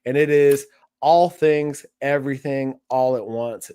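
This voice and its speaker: A man's voice: medium pitch, steady tone, warm tone, smooth, dry recording, clean studio sound. Reflective male podcast host. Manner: reflective, quick laughing reactions. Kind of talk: casual interview chat.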